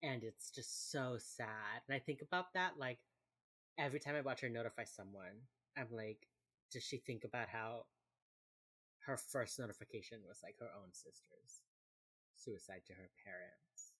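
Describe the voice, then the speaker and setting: Very low-voiced chatty young woman. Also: normal speed, fairly bright tone, breathy edge. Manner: chatty, laughs often, acts out quoted lines. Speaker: podcast co-host recapping a TV episode. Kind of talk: casual chat.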